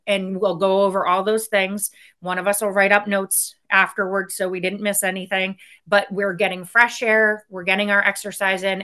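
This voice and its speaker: A woman executive being interviewed, talking candidly and energetically in quick bursts that often trail off. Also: mid-range voice, bright, forceful tone. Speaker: guest, company executive. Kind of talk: casual interview talk.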